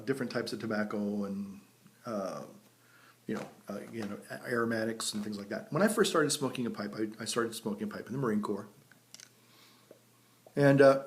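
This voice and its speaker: A man, a priest telling rambling folksy stories in a casual vlog, recorded outdoors by a vineyard. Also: fairly low pitch. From United States. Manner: folksy and rambling, chuckles at his own stories. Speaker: priest and pipe vlogger.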